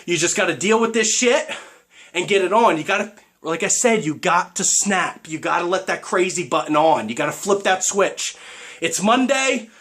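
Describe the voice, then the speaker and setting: A man giving a comedic gym rant as a fitness vlogger, excitable and profane, keeps tagging his lines with "right?". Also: high voice, moderate pace.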